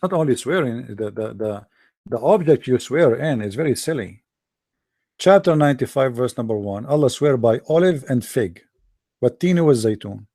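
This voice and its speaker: The host of an online debate show talks off the cuff to a live audience, emphatic and mocking, often repeating himself. His mid-range voice is gravelly and dark yet expressive, at a normal pace, recorded dry and close with no room sound.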